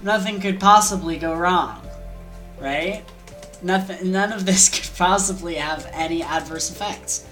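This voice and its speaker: A woman voicing a scheming male trickster god who talks fast and wheedles in casual slang. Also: low voice, sing-song, fairly bright tone, soft background music, heavily acted. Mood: smug.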